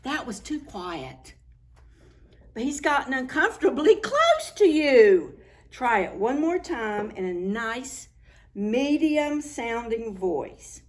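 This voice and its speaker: A children's librarian reads an interactive picture book to preschoolers, coaxing them along. Her fairly high voice swoops up and down with animation, and she takes her time over every line. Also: sing-song, slow.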